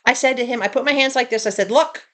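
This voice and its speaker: A woman vlogger telling a story casually to her viewers, in an animated, indignant way. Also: fairly high pitch, racing. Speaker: tiny home vlogger.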